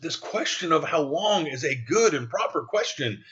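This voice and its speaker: A man's voice: fairly high pitch, animated, moderate pace, fairly bright tone, dull audio, slight background noise. A man preaching a sermon as pastor, reading scripture aloud in an earnest way with some restarts.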